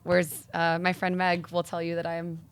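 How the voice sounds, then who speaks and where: A woman's voice: fairly low pitch, monotone, a little fast, smooth. A young woman speaking earnestly and persuasively as a guest in a sit-down interview. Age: young adult. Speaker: guest, nonprofit founder.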